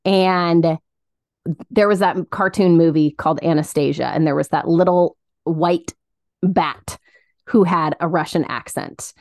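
A woman co-hosting a casual faith podcast, chatty and quick to laugh as she tells stories. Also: on the low side, darkish tone, no room sound, studio quality. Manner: giggly, laughs often while telling stories. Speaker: podcast co-host.

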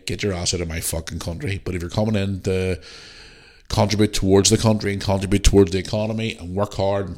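A man from Northern Ireland with a Northern Irish accent, hosting a casual solo podcast, blunt and opinionated, swearing freely and sniffly from the flu. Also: sits low. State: getting over the flu, sniffly. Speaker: podcast host.

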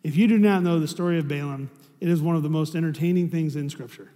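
This male pastor talks fast and warmly, his voice unusually high as he delivers a conversational, chatty sermon. Rhetorical questions keep drawing the room in, and each phrase fades into a long hall reverb.

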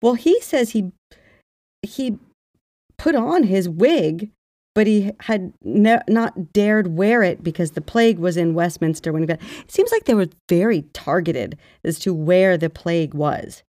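Mellow, low-voiced woman podcast host. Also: a little slow, dry recording, studio quality. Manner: chatty, reads quotes aloud in an even tone. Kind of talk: casual chat and reading a historical diary aloud.

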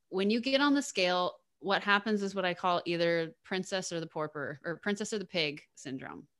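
A young woman hosting a podcast in a loose, candid chat. Her voice sits a little low for a woman, and she often circles back on her words and laughs as she goes. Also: fairly bright tone. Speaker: podcast co-host.

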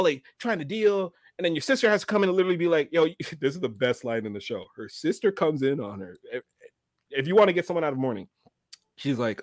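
A man co-hosting a podcast, retelling a show in animated casual chat with frequent laughs. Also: high voice, no room sound, clean studio sound. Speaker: podcast co-host. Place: livestream studio.

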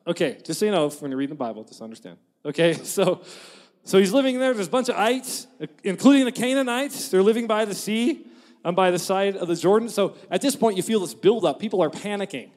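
A man preaching a sermon in an animated, joking way, acting out quotes and laughing at his own jokes. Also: sits high, a little fast. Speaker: pastor. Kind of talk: lively sermon. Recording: long reverb of a large hall.

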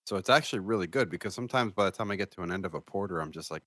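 A man co-hosting a casual beer podcast, talking through a beer in a relaxed, rambling way. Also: low-pitched, rapid-fire, few pauses, no echo. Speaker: podcast co-host.

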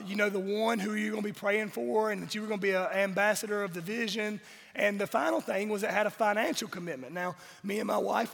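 High, gravelly pastor preaching. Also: male voice, fairly bright tone, big-room sound. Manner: emphatic, with repeated rhetorical questions to the congregation. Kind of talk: sermon.

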